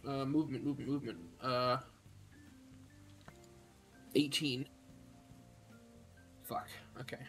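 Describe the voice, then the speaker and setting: Young guy playing a tabletop game, mid pitch, keeps asking rules, swears a lot, faint music. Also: level tone, slow, pauses often, a bit bright. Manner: hesitant, self-deprecating, swears casually. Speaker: player.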